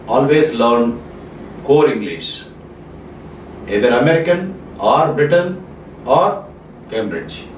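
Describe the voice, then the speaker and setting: A man from India teaching soft skills, giving numbered presentation tips and repeating his key points for emphasis. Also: mid-range voice. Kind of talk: spoken lecture with numbered tips. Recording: echoey room, distant mic, faint noise.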